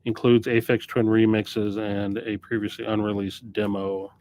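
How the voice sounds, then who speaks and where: A man's voice: fairly low pitch, level tone, normal speed, a little mellow. A man who owns a record store, chatting off the cuff on a live stream about new arrivals, often correcting himself mid-sentence. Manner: rambling, off-the-cuff, self-correcting. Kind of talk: casual live-stream chat.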